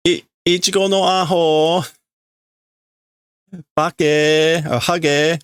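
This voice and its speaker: A small comic-book girl wails and whines in a shrill, sobbing voice, as a man puts her on while reading aloud. Her voice jumps high above his own. The sound is dry and close. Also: fairly even intonation, very slow, clean tone, dry recording. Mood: sulky insulting. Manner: wailing, sobbing, whiny. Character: small crying childish girl, whiny.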